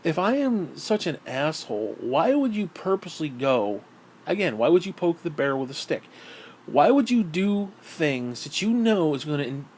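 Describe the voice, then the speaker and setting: A man's voice: fairly high pitch, very animated, moderate pace, darkish tone, slight background noise. A middle-aged man in a casual monologue, ranting in a bitter, profane, rambling way. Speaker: vlogger.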